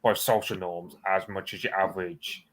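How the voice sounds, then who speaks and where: A man's voice: sits low, steady tone, normal speed, fairly bright tone. A man in a casual chat who thinks aloud, hesitant and full of fillers.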